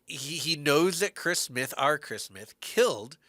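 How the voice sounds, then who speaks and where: A man's voice: a little high, expressive, measured pace, bright, forceful tone, no echo, studio quality. A man co-hosting a podcast, earnestly and animatedly recapping a TV show in casual chat. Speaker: podcast co-host.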